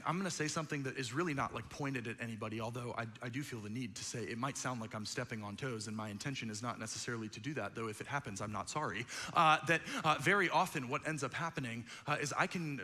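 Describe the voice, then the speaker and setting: A man preaching a sermon as pastor, conversational and animated, acting out quotes and joking asides. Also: medium pitch, in a large hall. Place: church auditorium.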